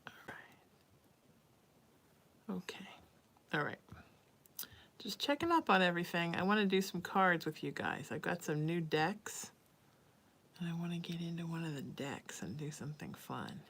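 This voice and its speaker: A woman, a psychic medium, chatting casually on a home livestream, doting and often dropping to a hushed murmur. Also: fairly low pitch, lively intonation, moderate pace, long pauses, slight background noise. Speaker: psychic medium hosting a live reading stream. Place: at home with her cat.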